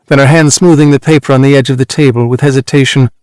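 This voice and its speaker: A man narrating a literary novel in a measured, even reading voice. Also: medium pitch, no echo, studio quality. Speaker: audiobook narrator.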